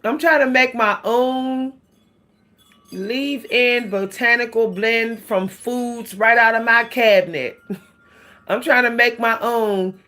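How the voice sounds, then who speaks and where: A woman's voice: fairly high pitch, a bit bright. A woman vlogging about hair care in a casual, chatty way, laughing often and calling her viewers "y'all.". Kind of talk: casual chat to camera.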